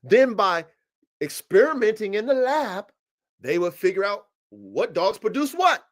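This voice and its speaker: A man's voice: sits high, big pitch swings, measured pace. Brash, boastful man hosting a podcast. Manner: boastful, confrontational, emphatic slang-heavy talk. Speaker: podcast host and dog breeder. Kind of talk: livestream podcast monologue. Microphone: streaming setup.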